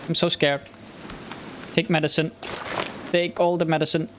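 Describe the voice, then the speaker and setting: Over background noise, a man with a fairly high voice and little pitch movement talks at a moderate pace. He's a gamer doing let's play commentary, jumpy and frightened, muttering to himself and yelping whenever he gets scared.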